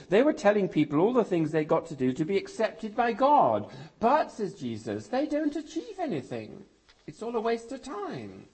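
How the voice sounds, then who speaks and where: An older English man delivers a sermon with a husky, slightly breathy voice that is a touch higher than most men's. His delivery swings widely in pitch, rising for emphasis and then falling to near-whispered key words after dramatic pauses. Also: dark tone. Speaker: pastor.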